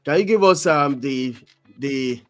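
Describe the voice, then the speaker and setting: A man's voice: mid-range voice, unhurried, a bit bright, faint music behind. A man, hosting a sports talk show, moderating and reading out lists conversationally. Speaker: host.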